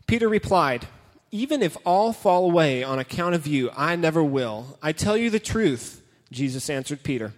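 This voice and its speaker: Youth preacher man, fairly high voice, playful and dramatic, reverberant hall sound. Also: lively intonation, normal speed, hardly any pauses. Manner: joking, dramatic storytelling, reads scripture aloud. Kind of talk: casual sermon with Bible reading.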